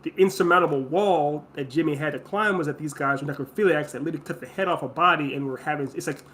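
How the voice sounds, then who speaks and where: Guy cohosting a show chat, blunt and emphatic, a bit high-voiced. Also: fairly bright tone, a little hiss or hum. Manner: emphatic, quick to call characters idiots. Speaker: podcast co-host. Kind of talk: casual TV recap chat.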